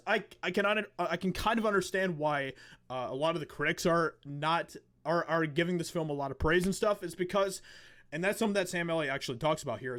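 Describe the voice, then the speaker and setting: Emphatic man losing his voice. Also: a little high. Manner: emphatic, repeats words, fillers and restarts. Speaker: commentary channel host. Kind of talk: opinionated video commentary.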